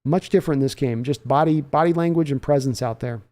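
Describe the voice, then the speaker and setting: A man hosting a live sports reaction stream, reading chat and answering in an animated way with frequent restarts. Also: medium pitch, fast talker. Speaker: sports channel host.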